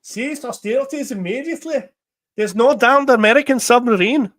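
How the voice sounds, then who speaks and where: A man's voice: very high voice, normal speed, fairly bright tone, voice pushed up. A man reading a stern male villain's lines in a put-on Scottish accent.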